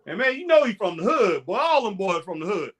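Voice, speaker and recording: A man talks wrestling with a buddy in easy, excitable banter. His voice sits high and swings widely, and he laughs often. He keeps peppering his lines with "boy" and "man.". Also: brisk, slightly rough. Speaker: co-host. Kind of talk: casual chat reacting to a live wrestling show.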